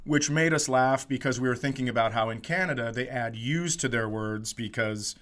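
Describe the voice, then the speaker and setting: A man's voice: medium pitch, moderate pace, fairly bright tone. A middle-aged man from Minnesota co-hosting a casual comedy chat, telling a story with lots of swearing. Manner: storytelling, swearing, slips into mock accents. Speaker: podcast co-host.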